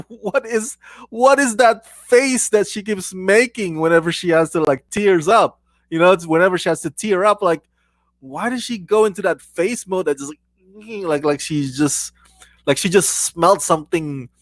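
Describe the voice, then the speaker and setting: A man's voice: a little high, no echo. A man hosting his own channel, reviewing a TV episode in a casual, rambling way, full of restarts. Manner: rambling and animated, with many restarts and bursts of laughter.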